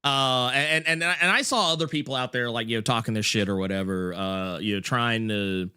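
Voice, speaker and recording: A man hosting a casual interview, talking in a rambling, halting way with many restarts. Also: mid-range voice, bright, forceful tone, clear, resonant tone. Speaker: podcast host.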